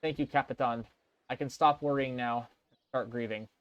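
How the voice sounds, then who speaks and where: Man voicing a grieving wealthy widower in a game, held back, middle pitch. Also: fairly even intonation, normal speed, no echo, highs cut off, lightly acted. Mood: restrained.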